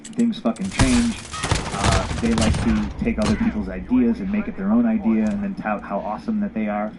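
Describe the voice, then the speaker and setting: A man's voice: lowish voice, flat delivery, moderate pace, very noisy. A man telling a story bluntly with lots of swearing, acting out both sides of old conversations. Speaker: former pro wrestler telling a story. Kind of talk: casual candid storytelling.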